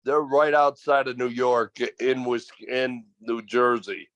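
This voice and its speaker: A man's voice: mid-range voice, steady tone, slow pace, fairly bright tone, dry recording, lo-fi sound. A man talking on a casual call, chatty and rambling as he tells about his family. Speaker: caller.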